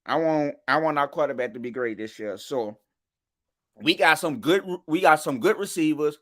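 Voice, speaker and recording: Talking college football in a relaxed podcast conversation, the male co-host wanders through his points with many restarts and a recurring "you know what I'm saying." He sounds animated, pushed, and bright, with a fairly high pitch and moderate speed.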